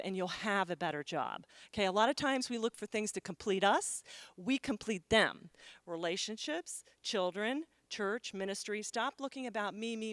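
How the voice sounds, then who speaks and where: A middle-aged woman giving a lively, joking motivational talk as keynote speaker. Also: medium pitch, no room sound. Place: conference stage.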